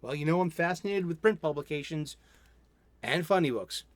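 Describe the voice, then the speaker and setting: A man's voice: a little high, expressive, normal speed. A man, hosting a casual solo comics review stream and rambling enthusiastically with many self-interruptions. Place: home studio.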